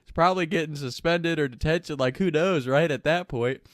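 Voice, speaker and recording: A man's voice: fairly high pitch, fairly quick, dry recording, studio quality. A man hosting his own show, telling a story in a loose, casual way with lots of swearing and fillers. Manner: laid-back, profane, rambling with many fillers. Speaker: host.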